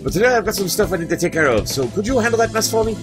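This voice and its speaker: A flamboyant young bird student, as a man plays him in a dating game, delivering flowery lines in a hammy put-on French accent. The voice leaps up and down, pitched a bit high for a man. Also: expressive, very fast, music in the background. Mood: breezy. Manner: theatrical and flowery.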